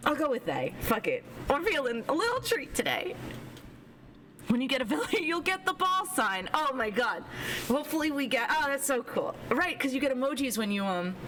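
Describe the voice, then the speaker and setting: A young woman on a live stream chats giddily with her viewers and reads a visual novel aloud, bubbling with excitable enthusiasm. Her slightly high voice swoops animatedly between highs and lows. A faint background hiss sits behind her. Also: moderate pace. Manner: giddy, excitable, giggly.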